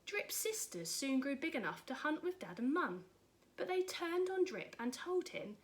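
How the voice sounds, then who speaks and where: A woman reading a rhyming picture book aloud in an expressive, rhythmic way. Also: high voice, normal speed. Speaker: storyteller.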